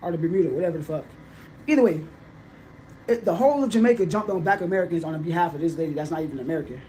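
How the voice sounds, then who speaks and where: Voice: medium pitch, racing, warm tone, a little hiss or hum. Angry profane ranter in a played clip. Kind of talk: casual rant.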